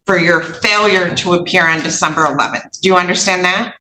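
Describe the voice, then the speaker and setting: A woman's voice: fairly low pitch, a little fast, bright, forceful tone, slight background noise. A woman judge speaking firmly and procedurally in a courtroom. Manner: firm, stern, procedural. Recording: echoey courtroom recording.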